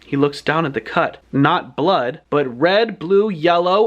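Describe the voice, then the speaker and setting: A man casually retelling a book in his own words as a reviewer, in an animated, chatty way. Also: on the high side, measured pace, few pauses, dull audio.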